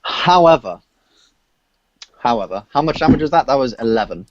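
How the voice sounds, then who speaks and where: A man serving as dungeon master, narrating the action in a halting way with many filler sounds. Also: mid-range voice, animated, no echo. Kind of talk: narrating a tabletop game. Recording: dull lo-fi audio.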